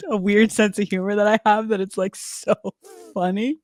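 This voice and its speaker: A woman with a mid-range, slightly mellow voice co-hosts a podcast, speaking in a level tone at a moderate pace. Chatty and casual, she says "like" a lot and quotes people in playful voices. There's no room sound.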